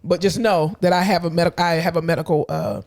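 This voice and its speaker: A woman co-hosting a casual podcast, a hospital clinician telling blunt, animated work stories full of acted-out quotes. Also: lowish voice, fast talker. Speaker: podcast co-host. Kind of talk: casual chat.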